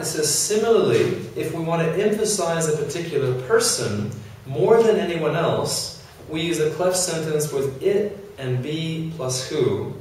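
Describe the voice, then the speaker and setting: A man's voice: a little high, a little mellow, slight background noise. A man teaching an English grammar lesson to a class, explaining with many examples and fillers. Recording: echoey classroom from far off.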